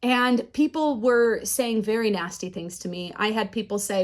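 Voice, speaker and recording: A woman teaching a class on resilience, telling personal stories in a candid, animated way. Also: on the high side, normal speed. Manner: candid, animated storytelling with acted quotes. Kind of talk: storytelling lecture.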